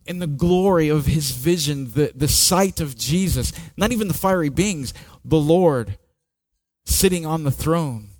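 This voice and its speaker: A man preaching a sermon with slow, dramatic delivery, dropping to near-whispers and rising to loud peaks. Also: a little high, lively intonation, no room sound, studio quality. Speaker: pastor.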